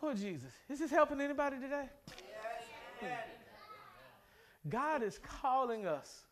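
A man, a pastor from America, preaching a sermon in a church, animated and humorous, with sudden bursts of emphasis. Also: very high voice, a little slow, pauses often. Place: church sanctuary.

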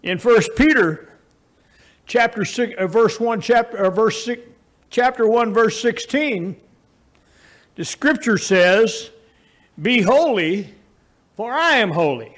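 High-voiced preacher telling homey stories. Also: male voice, animated, slow pace, pauses often. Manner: folksy storytelling, swings from raised emphasis to low quiet asides. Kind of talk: sermon.

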